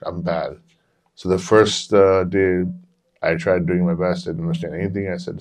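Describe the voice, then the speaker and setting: A man's voice: sits low, level tone, normal speed, a little mellow. A man in his forties hosting a podcast, who tells candid, rambling personal stories and swears freely. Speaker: podcast host. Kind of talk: casual storytelling chat.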